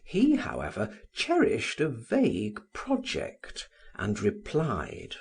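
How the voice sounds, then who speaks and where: An audiobook narrator reading a classic novel aloud in a slow, expressive way. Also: vocal fry, breathy edge. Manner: slow, expressive reading with wide pitch swings.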